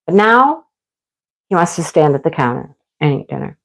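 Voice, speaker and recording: A woman's voice: low-pitched, very animated, normal speed, gravelly, a bit bright, low-quality recording. A middle-aged woman chatting casually with her viewers while she works on a craft, laughing often. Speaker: livestream crafter. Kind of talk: casual chat while diamond painting.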